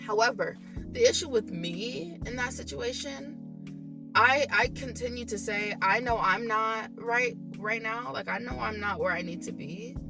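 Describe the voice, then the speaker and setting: A young woman venting to camera in a candid monologue, emphatic and often exasperated. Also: mid-range voice. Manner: emphatic, rising to exasperated outbursts. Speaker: vlogger. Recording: faint background music.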